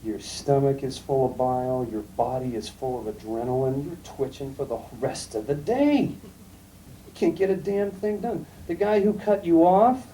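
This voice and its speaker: A middle-aged man giving a classroom lecture, telling anecdotes in a calm, emphatic storytelling way. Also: mid-range voice, measured pace. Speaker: guest lecturer. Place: lecture room. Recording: distant mic, faint room noise, archival tape.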